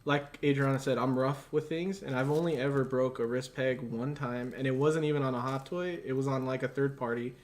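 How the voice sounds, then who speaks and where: A laid-back man chatting on a live stream as a guest. His talk rambles and trails off, with plenty of fillers. His voice sits at an ordinary middle pitch. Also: steady tone, a little fast, hardly any pauses. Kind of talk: casual live-stream chat.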